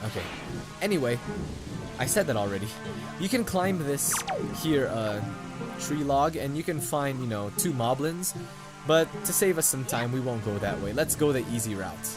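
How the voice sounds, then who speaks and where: A man's voice: mid-range voice, lively intonation, normal speed. Chatty man narrating a video game. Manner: chatty, rambling, joking. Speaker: let's play host. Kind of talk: game commentary. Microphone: condenser mic. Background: game music.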